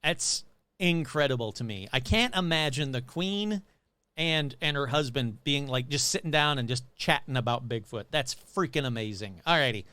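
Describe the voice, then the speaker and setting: A man hosting a podcast, reading paranormal news in a jokey, animated way and tripping over words. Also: mid-range voice, moderate pace, clean tone, no echo. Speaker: podcast host. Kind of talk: casual paranormal news commentary.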